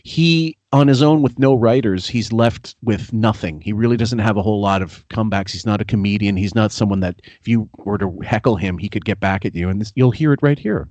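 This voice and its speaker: A man's voice: fairly low pitch, fairly quick, hardly any pauses, a little mellow, no room sound. Blunt, rambling male podcast host from Canada, dry close sound. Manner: rambling, blunt, swears freely. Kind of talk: casual podcast chat.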